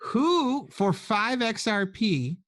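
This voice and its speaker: American guy on a chat stream, kinda high voice, tells stories doing everyone's lines, dry sound. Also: slow pace, no room sound. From United States. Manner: animated storyteller acting out quotes. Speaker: stream co-host. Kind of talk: casual group chat.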